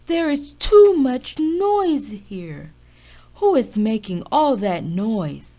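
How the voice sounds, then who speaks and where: A woman voicing a big, gruff father bear in a storybook reading, loud and booming. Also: big pitch swings, slow, heavily acted.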